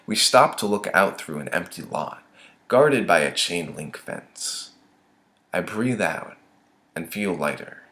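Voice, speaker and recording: A young man reading his own short story aloud, expressive with dramatic swings in tone. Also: sits low, measured pace. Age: young adult.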